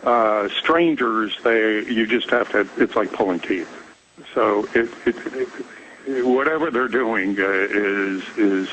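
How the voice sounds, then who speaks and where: A man calling into a radio show, reporting in a hesitant, halting way. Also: lowish voice, a bit bright, a little hiss or hum, rough recording. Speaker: caller reporting. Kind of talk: phone call-in.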